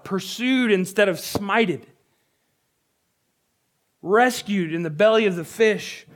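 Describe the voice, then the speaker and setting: A young adult man, a pastor, preaching a sermon in an earnest, conversational way and reading scripture aloud. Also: sits high.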